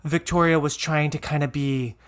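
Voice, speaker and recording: A man's voice: fairly high pitch, fairly even intonation, moderate pace. A middle-aged man hosting a podcast, chatting casually and gushing with enthusiasm, full of fillers. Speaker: podcast host. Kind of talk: casual chat.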